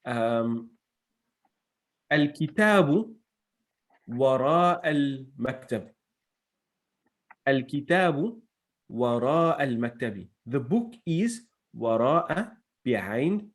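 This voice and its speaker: A man's voice: mid-range voice, expressive, unhurried, long pauses. A man teaching an Arabic grammar class in English, explaining step by step and reading out Arabic phrases.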